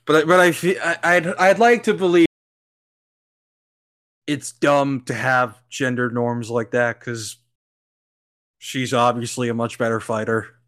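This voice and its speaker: A young man co-hosting a podcast, chatting casually while reacting to a film and breaking into loud laughs. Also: medium pitch, measured pace, pauses often. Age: young adult. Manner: excitable, laughs loudly. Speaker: podcast co-host.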